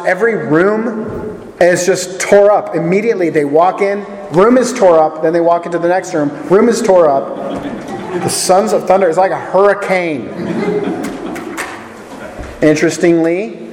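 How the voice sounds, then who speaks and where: A man with a slightly high voice leads a casual Bible study, chatty and full of jokes, often turning questions over to the group. His voice rings around a large room with a long, echoing reverb. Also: a little mellow. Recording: echoey hall with long reverb.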